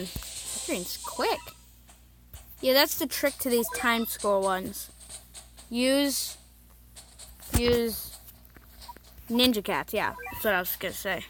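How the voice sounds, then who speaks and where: Chatty woman narrating her mobile game. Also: fairly high pitch. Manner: chatty, self-mocking, bursts of excited cheering. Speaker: mobile game video host. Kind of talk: casual gameplay commentary. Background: game music.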